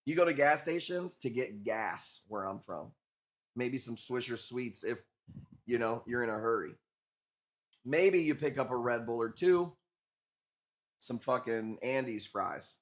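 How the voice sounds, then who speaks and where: A man's voice: medium pitch, lively intonation, measured pace, long pauses. A man from Illinois hosting a live coral auction stream, chatting loosely with viewers in a profane, joking way. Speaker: livestream host selling coral. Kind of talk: casual livestream auction chat.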